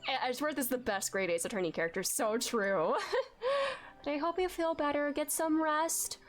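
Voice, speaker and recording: Chatty, excitable woman streamer. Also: high-pitched, normal speed, soft background music. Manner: chatty, excitable, uses lots of "like". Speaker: game streamer. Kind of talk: casual let's-play commentary.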